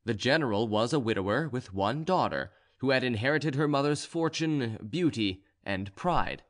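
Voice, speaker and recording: A man reading a nineteenth-century crime story aloud at a measured pace. His pitch sits in an ordinary middle range. The delivery is steady and even, as a scripted audiobook narration.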